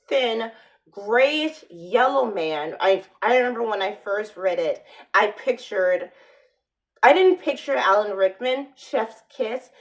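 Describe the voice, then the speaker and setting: Woman, vlogger, casual monologue, sardonic, rambling, slow delivery. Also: mid-range voice, poor audio. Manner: rambling, sardonic, with frequent restarts.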